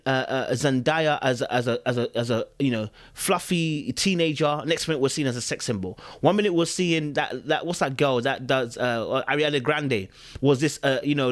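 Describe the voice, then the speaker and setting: A man's voice: medium pitch, dry recording, studio quality. A young man, hosting a podcast and giving his opinion in casual commentary, with lots of repetition and rhetorical questions to listeners. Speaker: podcast host.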